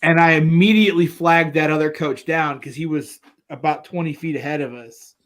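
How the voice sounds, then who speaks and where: A man in his thirties co-hosting a casual podcast, telling family stories in an animated way and laughing through them. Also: a little high, moderate pace. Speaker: podcast co-host. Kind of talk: casual chat.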